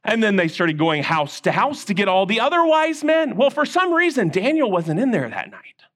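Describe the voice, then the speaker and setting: A man giving a children's sermon, telling a Bible story with animated call-and-response to the kids. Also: sits high, normal speed. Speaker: children's minister.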